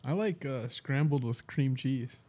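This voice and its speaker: A man's voice: medium pitch, unhurried, warm tone. A man in casual podcast chat, enthusiastic, often murmuring agreement.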